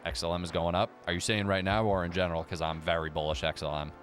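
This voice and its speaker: Man, livestream host, low voice, sarcastic, swears a lot, faint music underneath. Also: little pitch movement, a bit bright. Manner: profane, sarcastic, fast banter. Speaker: livestream host reading viewer chat. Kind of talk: casual live chat.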